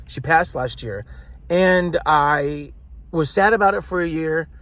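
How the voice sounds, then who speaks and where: Blunt, frustrated man vlogging candidly. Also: a little high. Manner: frustrated, blunt, swears often. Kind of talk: candid personal vlog. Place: partly outdoors in summer heat.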